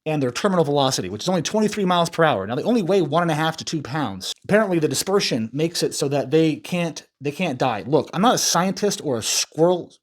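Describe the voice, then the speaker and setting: A man's voice: on the high side, lively intonation, fast, hardly any pauses. A man hosting a commentary video, ranting in a rambling, profane, self-interrupting way. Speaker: commentary channel host.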